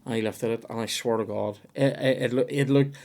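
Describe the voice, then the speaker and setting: A young man, hosting a comedy podcast and telling a story in a profane, animated way. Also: mid-range voice, a little fast. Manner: profane, animated, puts on voices in quoted dialogue.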